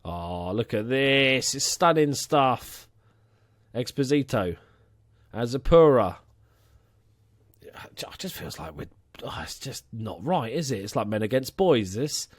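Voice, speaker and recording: A young man talks through his football management game in a chatty, excitable way, cursing now and then and cheering his own goals. His pitch swings widely from low mutters to high bursts. The sound is dry and close, with no room echo. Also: measured pace, long pauses. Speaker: let's play host. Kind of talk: casual game commentary.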